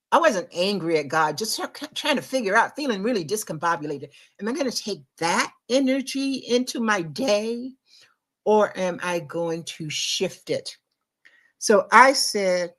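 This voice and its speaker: A middle-aged woman hosting a podcast, giving an inspirational faith talk in an emphatic, confiding way that swings between loud urgency and quiet reflection. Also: mid-range voice. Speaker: podcast host.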